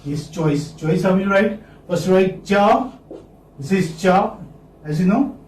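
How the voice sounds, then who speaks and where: High-voiced man teaching slowly in a classroom. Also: a little mellow, far from the mic. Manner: slow, repeats words for students to copy. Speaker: English phonetics teacher. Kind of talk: classroom lecture. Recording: echoey classroom, speaker off-mic, faint noise.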